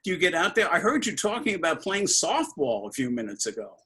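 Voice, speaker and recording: Brooklyn guy in his 70s, emotional interviewer, animated voice, video call. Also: a little high, brisk. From Brooklyn, New York. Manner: effusive and emotional.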